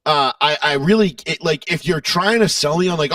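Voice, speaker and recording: A man's voice: on the high side, brisk, fairly bright tone, no echo, distant mic. A man co-hosting a casual political podcast, ranting with profanity and mockery. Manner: profane, mocking rant. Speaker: podcast co-host.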